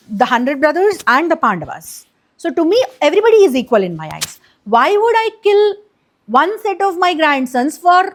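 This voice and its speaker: A woman voicing a stern old grandfather patriarch who scolds a king, in her own storytelling voice with many restarts. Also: high voice. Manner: plain retelling voice, scolding, full of restarts. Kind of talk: storytelling quote for kids.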